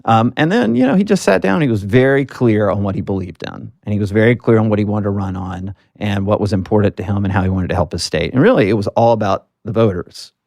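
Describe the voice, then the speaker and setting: A man's voice: lowish voice, expressive, fast talker, creaky, few pauses, darkish tone, no echo, clean studio sound. A man from Alabama, a political marketing guest, telling stories earnestly in a casual interview with plenty of fillers. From Alabama, US South. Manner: earnest storytelling with frequent fillers.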